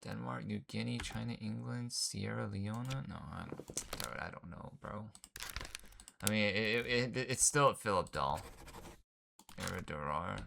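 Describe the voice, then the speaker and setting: Gravelly low-voiced man thinking aloud. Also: a little slow, sharp tone, slight background noise. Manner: thinks aloud, muttering guesses, slangy. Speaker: gaming channel host. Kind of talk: casual let's-play commentary.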